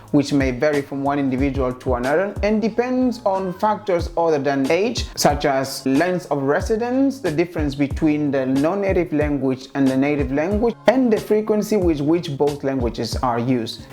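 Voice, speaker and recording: A man's voice: fairly high pitch, darkish tone. A man hosting an educational video, narrating a scripted explanation and asking rhetorical questions. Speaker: host.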